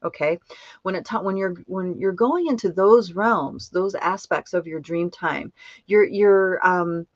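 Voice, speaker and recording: A woman's voice: on the low side, measured pace, no room sound, muffled recording. A woman hosting a live-stream chat. She reads viewer comments aloud and answers them affectionately, with many fillers and restarts. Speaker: host.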